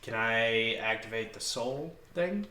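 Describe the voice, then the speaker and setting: A man playing a tabletop game, calmly declaring his moves and counting them out aloud. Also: mid-range voice, reverberant. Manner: slow, methodical, counts things out aloud. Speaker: player. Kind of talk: casual tabletop game play.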